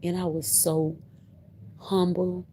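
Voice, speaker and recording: A woman tells a story on a casual livestream. Her voice is very dark and mellow, and she speaks slowly and a little low. She circles back on her words, with a faint hum in the background. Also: flat delivery. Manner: emphatic, repeats herself, laughs between lines.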